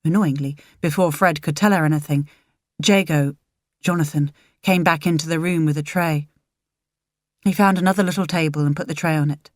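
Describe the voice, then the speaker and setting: A woman reading a novel aloud in a measured, even way. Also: deep voice, dry recording, clean studio sound. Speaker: narrator. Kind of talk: audiobook narration.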